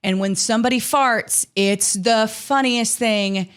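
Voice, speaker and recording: A woman's voice: fairly high pitch, unhurried, fairly bright tone, clear, resonant tone. A woman in her thirties co-hosting a podcast, chatting candidly about her kids and laughing as she swears. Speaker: podcast co-host. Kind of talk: casual chat.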